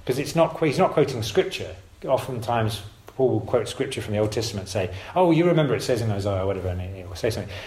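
A man's voice: lowish voice, lively intonation, fast, few pauses, a little mellow. A man giving an informal sermon to his congregation, talking in a conversational, emphatic way and often correcting himself. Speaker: preacher. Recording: roomy echo.

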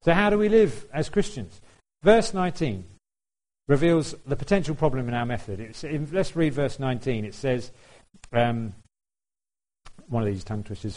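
A man's voice: medium pitch, animated, normal speed, darkish tone, low-quality recording. A man preaching a sermon in a conversational way, putting questions to the congregation and laughing now and then.

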